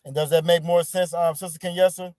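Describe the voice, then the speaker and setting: A man's voice: high-pitched, flat delivery, a little fast, a little mellow, dry recording. A man teaching an online class over a video call, encouraging his students and often repeating words.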